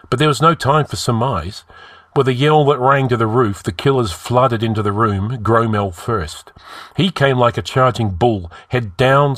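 A man reading a heroic fantasy story aloud in a measured, dramatic style. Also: fairly low pitch, a bit bright, no room sound, clean studio sound. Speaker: story narrator.

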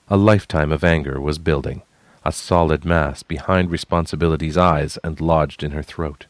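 A man narrating a fantasy story in a measured storytelling manner. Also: extremely low pitch, no echo.

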